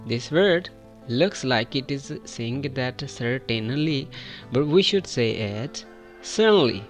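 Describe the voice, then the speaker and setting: A man's voice: mid-range voice, expressive, soft background music. A man from Pakistan with a Pakistani accent, teaching English pronunciation and stretching out model words for the listener to repeat. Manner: drawn-out model words for repetition. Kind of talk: pronunciation lesson with repeat-after drills.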